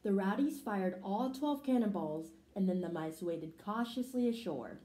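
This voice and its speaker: A woman reading a children's picture book aloud in an expressive storytelling manner. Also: mid-range voice, measured pace, slight background noise. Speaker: storybook reader. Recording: roomy echo.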